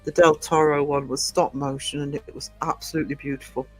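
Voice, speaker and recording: This male livestream host has a slightly high voice and a flat, brisk delivery. Faint music plays behind him while he rambles through casual chat, hesitating often and saying um a lot as he answers live comments.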